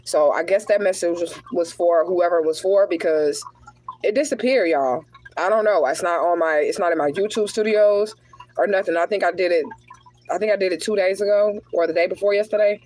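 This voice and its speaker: Woman, spiritual card reader, relaxed streaming chat, direct address to viewers. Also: lowish voice, fairly quick, poor audio. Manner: casual, chatty, talks straight to viewers as y'all; drops into prayerful invocation. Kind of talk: livestreamed tarot reading.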